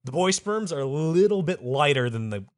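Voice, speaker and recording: A man's voice: on the high side, animated, moderate pace, no echo, clean studio sound. A man co-hosting a comedy podcast, riffing crudely and explaining things in a lecturing way, breaking into laughs. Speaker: podcast co-host.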